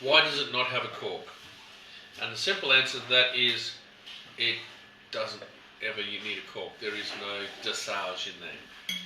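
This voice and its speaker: A man's voice: fairly low pitch, fairly even intonation, normal speed, long pauses, sharp tone. A man presenting a casual wine tasting in a shop, telling stories and acting out customers. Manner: chatty storyteller, acts out customers. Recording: echoey room, mic at a distance, background noise.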